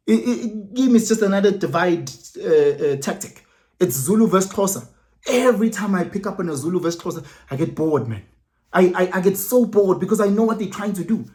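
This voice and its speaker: A man with a South African accent, talking casually to camera as a vlogger, animated, repeating words and restarting, with Zulu phrases mixed in. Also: sits high, fairly quick. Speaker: vlogger commenting. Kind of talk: casual opinion monologue.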